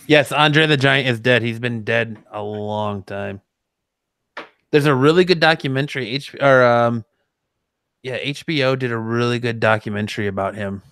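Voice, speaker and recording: A man's voice: medium pitch, normal speed, a bit bright, smooth, dry recording, studio quality. A man hosting a casual podcast chat, loose and rambling, often restarting his sentences. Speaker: podcast host.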